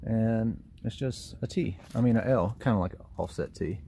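A man's voice: on the low side, moderate pace, vocal fry, warm tone, slight background noise. A man with a Southern US accent, rambling in a folksy, self-deprecating way as he walks through a DIY project outdoors by his trailer, recorded on a camera mic. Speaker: lawn care business owner. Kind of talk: casual DIY how-to vlog.

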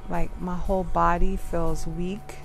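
A young woman vlogger chatting casually and softly, drained and out of breath, full of "like"s. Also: lowish voice, level tone, unhurried, vocal fry. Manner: soft, tired, filler-heavy talk. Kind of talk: casual vlog chat. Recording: music playing behind.

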